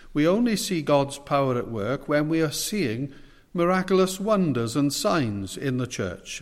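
A man preaching a sermon with a measured, emphatic delivery, pausing often and using fillers. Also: medium pitch. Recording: long reverb of a hall.

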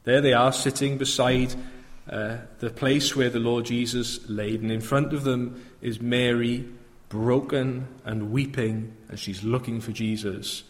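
A man's voice: mid-range voice, steady tone, measured pace, big-room sound. A male preacher giving an earnest sermon that rises to fervent proclamation.

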